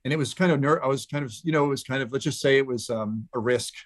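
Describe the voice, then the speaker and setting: Man, middle-aged, podcast guest, earnest, reflective, halting storytelling. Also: medium pitch. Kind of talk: personal storytelling in conversation.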